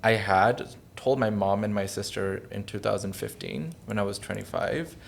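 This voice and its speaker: A man's voice: lowish voice, animated, moderate pace, vocal fry, a little hiss or hum. A man in his thirties, a podcast guest, telling a personal story in an earnest, emotional, reflective way. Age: 30s.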